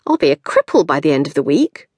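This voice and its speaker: A woman's voice: deep voice, big pitch swings, fast talker, darkish tone, breathy edge, dry recording, clean studio sound, full character voice. A woman voicing a petulant, dreamy young woman, self-centred and whiny, in a sing-song manner. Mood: grumbling.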